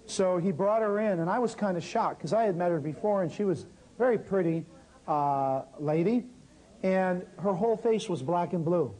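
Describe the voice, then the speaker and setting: Man, fairly high mellow voice, workshop teacher who tells stories and talks straight to the room. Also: moderate pace, low-quality recording. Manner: lively, talks straight to the audience. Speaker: natural healing teacher. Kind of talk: live workshop storytelling.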